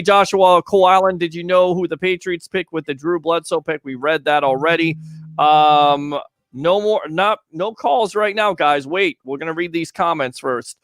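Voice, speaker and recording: A man's voice: a little high, fairly bright tone, smooth, dry recording. A man hosting a casual call-in sports talk show, chatting and reading out viewer comments.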